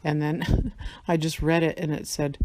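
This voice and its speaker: A woman's voice: deep voice, level tone, measured pace, darkish tone, no room sound. A tired woman in a casual vlog monologue, rambling, swearing a lot and laughing often. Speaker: vlogger.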